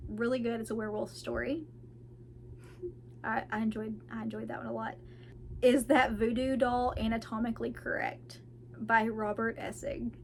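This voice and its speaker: Chatty woman book reviewer, giggly and gushing, voice sitting a bit high. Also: a little hiss or hum. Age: adult parent of children. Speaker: book vlogger. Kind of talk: casual book review chat.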